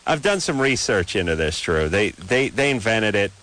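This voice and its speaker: A man's voice: on the low side, big pitch swings, moderate pace, fairly bright tone. Rambling, sarcastic radio host man. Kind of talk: late-night radio talk banter.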